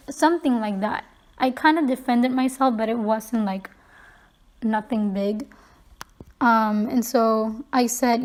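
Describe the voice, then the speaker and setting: A woman's voice: on the high side, darkish tone. A young woman vlogging, candidly retelling a personal story in a conversational way with frequent fillers and restarts.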